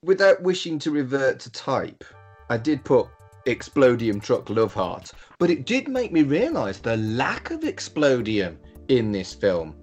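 A man's voice: medium pitch, big pitch swings, a little slow, husky, faint music behind. A man co-hosting a podcast in casual chat, dry and self-deprecating. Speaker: podcast co-host.

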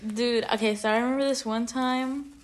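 A woman's voice: on the high side, moderate pace, slight background noise. Chatty young woman telling a story. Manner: animated storytelling, many "like" fillers. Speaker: podcast co-host. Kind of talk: casual chat.

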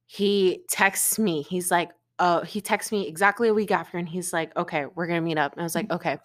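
A young woman from Florida co-hosts a podcast, telling a breakup story in casual chat packed with filler words and swearing. Her voice is lowish and she talks fairly quickly.

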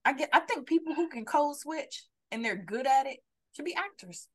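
Blunt, animated woman co-hosting. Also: high voice, normal speed. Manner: blunt, animated, asks the audience questions. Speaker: podcast co-host. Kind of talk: casual chat on a live stream.

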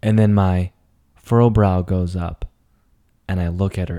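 Young male storyteller, lowish voice, dramatic and profane, personal monologue. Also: fairly even intonation, unhurried, long pauses. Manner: dramatic, swings between hushed and emphatic, profane.

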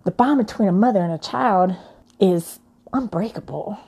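A woman's voice: mid-range voice, moderate pace, warm tone, husky. A middle-aged woman, a mother telling her own story in a candid, emphatic way, often repeating her points. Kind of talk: personal talk.

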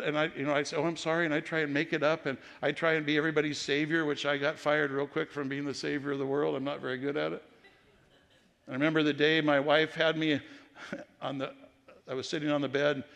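A man's voice: on the high side, gravelly, fairly bright tone. A middle-aged man preaching as a pastor, telling personal stories in a conversational way with frequent restarts. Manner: storytelling, conversational with repeated restarts. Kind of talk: sermon. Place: church sanctuary. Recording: reverberant church hall.

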